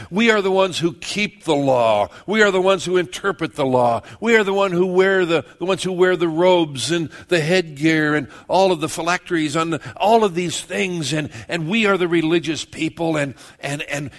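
Guy doing a snooty high-pitched religious big shot, sneery and full of himself. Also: lightly acted. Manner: sneering, self-important. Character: smug pompous male religious leader, scornful.

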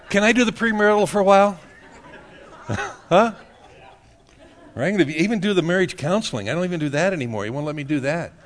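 A middle-aged male pastor giving a casual, joking sermon, laughing often and tagging "man" onto his sentences. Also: a little high.

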